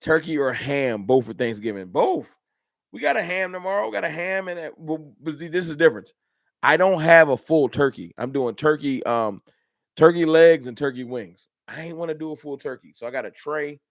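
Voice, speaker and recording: A man's voice: fairly high pitch, animated, normal speed, creaky, no room sound, studio quality. A man hosting a casual livestream, chatting in a laid-back way and reading out and answering viewer comments. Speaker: livestream host.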